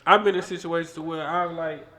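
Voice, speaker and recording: A man hosting a podcast, talking in an animated, emphatic way and swearing freely. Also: fairly high pitch, brisk. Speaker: podcast host. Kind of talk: casual chat.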